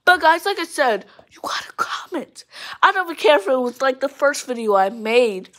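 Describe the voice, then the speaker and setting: A young woman vlogging casually, rambling excitedly and calling her viewers "guys" as she talks through a prank. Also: sits high, brisk. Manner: rambling and chatty, often addresses the viewers as guys; excitable, with frequent fillers and restarts. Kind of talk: casual chat to camera.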